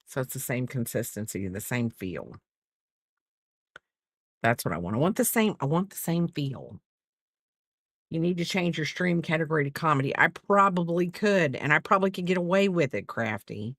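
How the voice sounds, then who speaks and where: A woman's voice: deep voice, sing-song, fairly quick, a bit bright, no echo, studio quality. A woman crocheting on a livestream, chatting casually in a rambling, self-mocking way, laughing often and talking to her viewers and her dog at home. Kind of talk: casual chat while crafting on a livestream.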